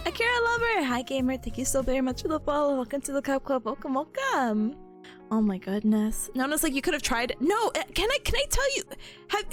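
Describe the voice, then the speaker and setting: Young woman streamer, high lively voice, giggly, faint music under her. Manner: giggly, animated, laughing often. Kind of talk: casual chat with viewers.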